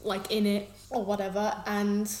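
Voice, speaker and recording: A chatty English woman co-hosting a podcast, talking fast and laughing often. Her voice sits at an ordinary middle pitch. The room gives it a noticeable echo. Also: completely flat delivery, darkish tone, a little hiss or hum. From England. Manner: chatty and quick, laughs easily. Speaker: podcast co-host. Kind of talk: casual chat.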